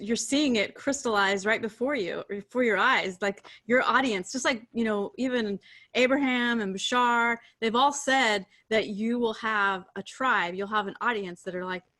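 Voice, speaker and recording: Woman hosting with affirming words. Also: fairly high pitch. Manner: warm, affirming, spiritual closing words. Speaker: host. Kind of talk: casual chat.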